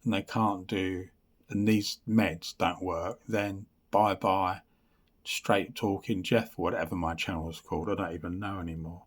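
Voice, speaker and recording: A man's voice: low-pitched, fairly even intonation, a little slow. An English man giving a rambling health update on his vlog, reading from notes and often losing his place, with blunt, dry humour. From England. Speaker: vlogger.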